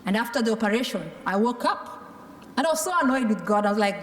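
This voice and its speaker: A woman's voice: mid-range voice, lively intonation, fast talker. A woman from a Maasai community speaks to a conference audience, telling her own survival story. She acts out the voices of her doctors and her mother as she goes. Her mid-range voice rings through a large hall with a long, roomy echo. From Kenya or Tanzania, Maasai community. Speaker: tuberculosis survivor giving testimony. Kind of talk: personal testimony speech.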